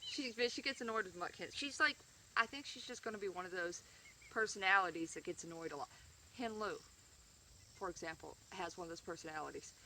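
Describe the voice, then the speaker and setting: A woman's voice: lowish voice, brisk, bright, forceful tone, recorded from a distance, slight background noise. A woman chatting casually to camera about her chickens, rambling with fillers and restarts. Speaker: backyard chicken keeper vlogger. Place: outdoors by a chicken coop.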